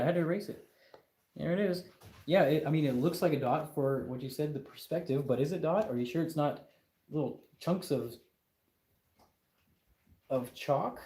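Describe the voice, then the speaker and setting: A man's voice: fairly high pitch, moderate pace, long pauses, warm tone, reverberant. A man hosting a casual livestream, talking in an emphatic, exasperated rant with lots of repetition. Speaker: livestream host.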